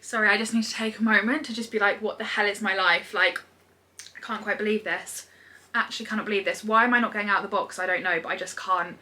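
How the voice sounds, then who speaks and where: Bright-voiced gushing young woman vlogger. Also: medium pitch, quick pace. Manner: gushing, excitable, says "literally" and "like" a lot. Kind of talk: casual vlog chat.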